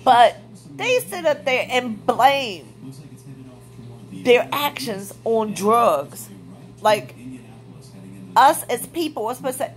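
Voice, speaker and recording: A woman with a high voice vents to her viewers. She is blunt and heated and swears freely, in a casual opinion rant. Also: big pitch swings, takes it slowly, pauses often, soft background music. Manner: blunt, profane, fired-up. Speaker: vlogger.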